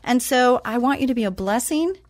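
A woman hosting a Christian talk show who reads scripture slowly and with emphasis, then chats casually. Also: a little high, expressive, darkish tone, no room sound.

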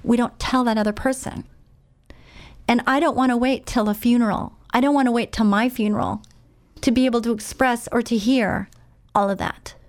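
A woman gives a heartfelt sermon, her voice sitting a little high. She is openly emotional and repeats words to press her point home. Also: fairly even intonation, normal speed. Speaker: preacher.

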